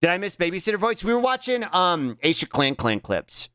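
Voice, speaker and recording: A man's voice: a little fast, smooth, dry recording, clean studio sound. A man streaming, chatting casually and teasing his guest, swearing often. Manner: playful, teasing, swears often, lively swoops in pitch.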